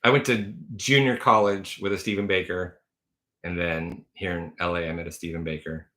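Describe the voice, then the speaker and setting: A man chatting on a livestream from home, his lowish voice carrying a bright, forward edge. He rambles through anecdotes, restarting sentences and leaning on fillers. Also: steady tone, normal speed. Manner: chatty rambling storyteller, frequent fillers and self-corrections. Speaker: livestream host. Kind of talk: casual livestream chat.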